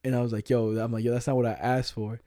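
Young male podcast co-host, casual profane storyteller, mellow tone, dry close sound. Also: medium pitch, fast, no room sound. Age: 20s. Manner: animated, profane, retelling chats with quoted lines.

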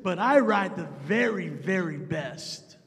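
A bubbly, chirpy young woman bursting with cheer, as a male preacher puts her on. The voice sits very high and rings out with a long hall echo. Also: slow, heavily acted. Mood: eager. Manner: excited and chirpy.

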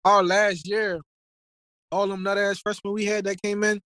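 A young man telling animated stories in a casual podcast chat, acting out quotes. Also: high voice, moderate pace, no room sound, clean studio sound. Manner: animated storytelling with acted-out quotes. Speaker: podcast guest.

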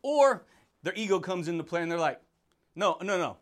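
A man hosting a motivational podcast, talking in an energetic, slangy way and putting on quick voices for the people he quotes. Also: high voice. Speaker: podcast host.

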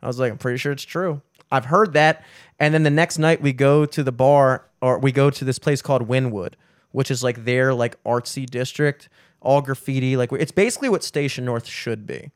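A man's voice: mid-range voice, normal speed, no room sound, clean studio sound. Rambling young man telling stories. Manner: rambling, animated storytelling with frequent swearing. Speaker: podcast host. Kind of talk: casual chat.

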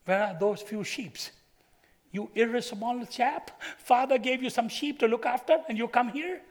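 A man's voice: very high voice, normal speed, pitched above the performer's own voice. A man voicing a scornful older brother who scolds his younger sibling, during a sermon. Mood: scolding. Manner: scolding, contemptuous.

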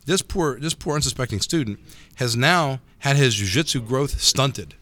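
Animated man telling grappling stories. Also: medium pitch, moderate pace. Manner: animated storyteller, repeats words as he talks. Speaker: jiu-jitsu instructor. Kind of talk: casual podcast chat.

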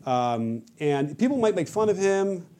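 A man telling stories on a podcast in a rapid, animated way, often restarting his sentences. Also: high voice. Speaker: podcast guest, basketball coach and creator. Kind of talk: casual podcast conversation.

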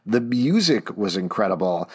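Brief: middle-aged male podcast host, lowish voice, eager and animated in casual talk. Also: breathy edge. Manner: enthusiastic, quick, animated asides. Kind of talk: casual pop-culture chat.

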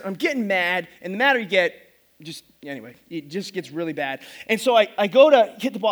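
Man, middle-aged pastor, church sermon, animated self-mocking anecdotes, very high voice. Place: church service before a congregation.

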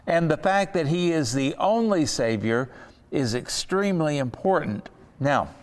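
A man with a fairly high, smooth and resonant voice leads a Bible study lesson. He speaks earnestly and slows down to press home key words. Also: lively intonation, long reverb tail. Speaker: Bible teacher.

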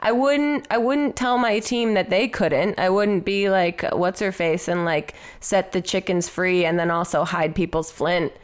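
A woman co-hosting a podcast in casual chat, enthusiastic and quick to laugh while riffing on silly ideas. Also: fairly low pitch, clean tone. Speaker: podcast co-host.

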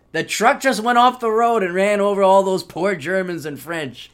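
A man's voice: high voice, moderate pace, few pauses, a bit bright, smooth. Sardonic, profane man ranting on his podcast. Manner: mock voices in quoted asides. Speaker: podcast host. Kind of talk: solo podcast monologue.

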